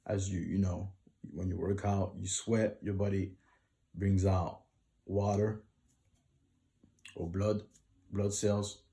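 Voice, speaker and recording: A man talks viewers through his singing advice in a relaxed, unhurried tutorial vlog. His voice sits a little low and sounds mellow and dark. He speaks to the audience directly and breaks his points into simple numbered steps. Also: gravelly. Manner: explains in short lists, addresses viewers directly. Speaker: singer giving vocal tips.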